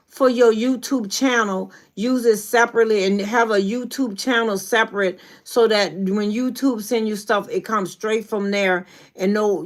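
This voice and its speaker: A Southern woman from New Orleans hosts a relaxed livestream as a YouTube coach. She drawls and chats freely, calling out viewers by name in an easygoing, animated way. Her pitch sits in the middle range for a woman. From New Orleans, Louisiana. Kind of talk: casual livestream chat.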